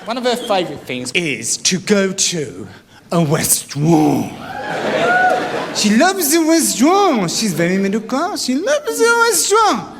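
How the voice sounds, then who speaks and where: A man's voice: high-pitched, sing-song, a little slow, very noisy. A man doing a wry stand-up routine, telling stories and mocking the voices of the people in them. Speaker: stand-up comedian. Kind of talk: stand-up routine before a live audience. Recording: comedy club recording with loud audience laughter. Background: crowd laughing.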